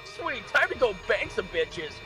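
Man voicing a cartoon hedgehog hero, crude, goofy, shouty, high voice, lively swings. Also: unhurried. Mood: goofy brash. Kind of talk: parody fan dub. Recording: music playing loudly under the voice.

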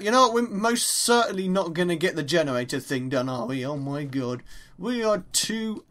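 A young man with an English accent giving chatty, excitable let's play commentary as he mines, exclaiming at each new find. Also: high-pitched, normal speed. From England. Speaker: gaming YouTuber.

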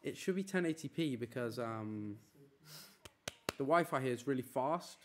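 A man's voice: mid-range voice, expressive, a bit bright, slight background noise. A young man streaming from a room, chatting casually and rattling off a long list of names. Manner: rattling off names in a quick run. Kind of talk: casual live-stream chat. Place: apartment room.

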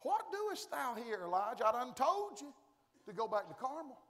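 A man's voice: extremely high pitch, big pitch swings, moderate pace, a bit bright, in a large hall, voice pushed up, heavily acted. A man voicing God as a stern, impatient figure scolding a prophet. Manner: scolding, folksy.

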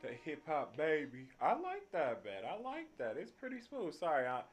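A young man with a slightly high-pitched voice talks through a music reaction, worn out after a shift at work. His speech is loose and slangy, full of swearing and enthusiastic hype for the tracks he plays. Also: huge pitch swings, moderate pace. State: tired after work, yawning. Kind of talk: casual reaction commentary.

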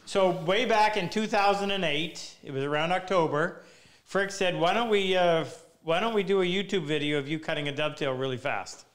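Smooth-voiced man hosting a workshop Q&A. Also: high-pitched, normal speed, fairly bright tone. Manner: chatty, self-deprecating, meandering anecdotes. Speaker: woodworking teacher and show host. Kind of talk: live Q&A, casual storytelling. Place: woodworking workshop.

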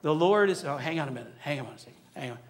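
A male pastor preaching a sermon in a church, leading his congregation through a recited passage with urgent, drawn-out emphasis. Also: on the high side, animated. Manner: leads the congregation in a call-and-response recitation; emphatic, urging, drawn-out phrasing. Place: church sanctuary.

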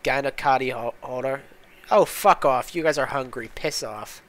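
A man's voice: mid-range voice, moderate pace, fairly bright tone. A man talking over his gameplay in a casual, exasperated way. He swears constantly and mutters complaints as things go wrong. His commentary is loose and unscripted. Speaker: gaming channel host.

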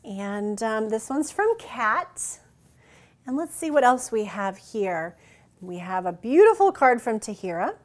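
A woman's voice: a little high, very animated, unhurried. A woman hosting a card-making channel, gushing and showering thanks as she shows handmade cards in a casual show-and-tell. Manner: gushing, warm thanks, frequent "so cute" exclamations.

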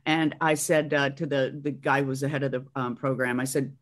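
Low-voiced Chicago woman telling stories. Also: a little fast. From Chicago, USA. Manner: animated storytelling, frequent ums and restarts. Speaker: guest actress. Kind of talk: casual interview chat.

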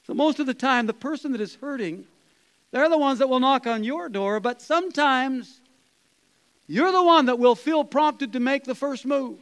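A man, a pastor, preaching a conversational sermon, chuckling and dropping to soft quoted asides. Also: very high-pitched, normal speed, clear, resonant tone, poor audio. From Canada.

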